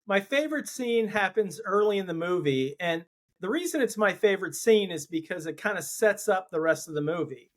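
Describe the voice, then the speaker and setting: A man guesting on a podcast, calmly walking through his favorite movie scene. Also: high-pitched, fairly quick. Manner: steady, explains his pick step by step. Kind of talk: casual movie chat.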